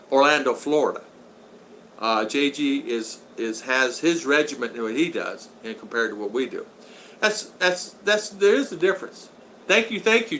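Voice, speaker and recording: A man hosting a casual live stream, reading viewer comments aloud with halting, repetitive phrasing and many thank-yous. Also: medium pitch, pushed and bright, slight background noise.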